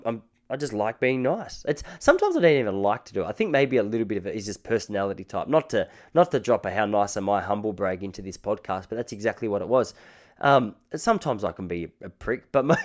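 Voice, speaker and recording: An Australian man in his thirties hosts a casual solo podcast. He rambles through joking stories, and his pitch swings freely up and down in a middle register. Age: 30s. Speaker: podcast host.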